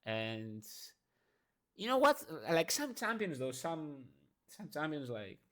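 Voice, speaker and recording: A man who is not a native English speaker, giving an unscripted morning rant, emphatic and profane, with many fillers and restarts, swinging between loud and soft. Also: on the high side, huge pitch swings, slow pace. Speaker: vlogger.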